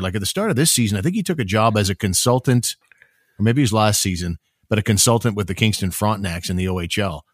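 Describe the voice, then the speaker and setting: Male podcast co-host, low-pitched, dry booth sound, easygoing rambling delivery. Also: no echo. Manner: conversational, musing with filler "like". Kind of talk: casual sports chat.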